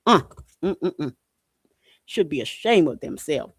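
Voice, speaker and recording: A man's voice: fairly high pitch, expressive, measured pace, a bit bright, slightly rough, dry recording, clean studio sound. A man hosting a podcast, reading news articles aloud and commenting on them in a blunt, indignant way, swearing and repeating himself. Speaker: podcast host.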